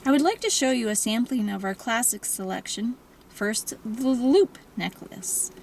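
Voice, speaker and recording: A woman voicing an older silver-haired male jeweler with a French accent, formal and hushed, in an audiobook reading. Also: on the high side, lively intonation, a little hiss or hum, rough recording. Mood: reverent. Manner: formal, reverent, slow and hushed.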